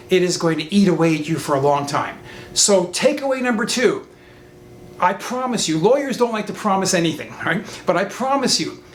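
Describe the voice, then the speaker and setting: A man, a lawyer, giving an online class over a video call. He speaks emphatically and repeats his warnings. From Canada. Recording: roomy sound with faint rumble.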